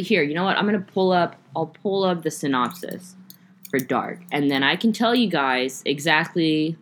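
A young woman hosting a casual solo podcast, rambling and chatty with lots of fillers and some swearing. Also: deep voice. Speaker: podcast host.

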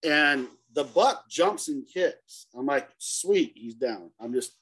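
Middle-aged man telling an animated story. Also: mid-range voice, slow, slightly rough. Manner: animated, acts out dialogue in the story. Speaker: hunting guide. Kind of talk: casual storytelling interview.

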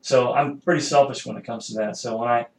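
During a laid-back podcast conversation, a man who is a military chief speaks briskly in a steady, mid-range voice, though he's hesitant and uses many fillers. The room sounds spacious, with a faint ambience.

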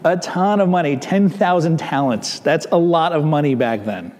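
A fairly high-voiced man preaches a sermon to his congregation. He keeps it conversational and checks in with asides to the people. His voice rings out with the long reverb of a large church sanctuary. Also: lively intonation, moderate pace, a little mellow. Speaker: pastor.

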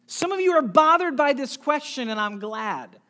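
A pastor preaching a sermon, asking the congregation direct questions and swinging from soft near-whispers to loud emphatic calls. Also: sits high, expressive, normal speed.

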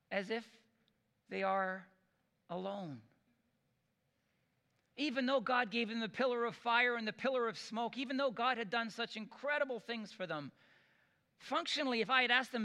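Animated preacher man in a reverberant hall. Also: high-pitched, normal speed, pauses often. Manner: animated storytelling with acted-out quotes. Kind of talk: sermon.

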